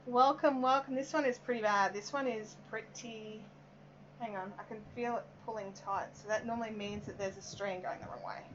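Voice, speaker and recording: A chatty Australian woman with a fairly high voice, rambling through a casual live craft stream. Her talk is full of little "um"s as she works and greets viewers. The audio is a bit dull and muffled, with faint hiss behind it. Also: fairly even intonation, normal speed. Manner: chatty and rambling, reading out viewer comments, many "um"s. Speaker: yarn dyer hosting a live stream. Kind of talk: casual live-stream chat while working.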